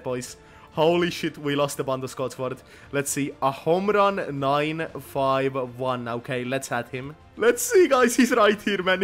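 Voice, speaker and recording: Young male gaming commentator, excitable and sweary, high-ish lively voice, soft game music under him. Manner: swings from muttering to loud laughing outbursts, swears a lot. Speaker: gaming YouTuber.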